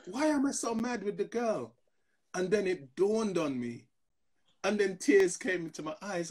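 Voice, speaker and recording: A man's voice: sits high, moderate pace. A man in his fifties, a pastor, telling personal stories in a casual discussion and acting out the other people in them. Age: 50s. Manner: animated storyteller who acts out other people's voices.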